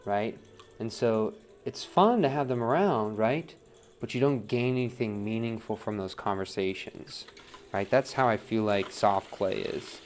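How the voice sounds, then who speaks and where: A man with a fairly low voice demonstrates wheel throwing on a livestream from his pottery studio, with a little hiss or hum in the audio. He talks casually, counts his pulls out loud and keeps asking "right?"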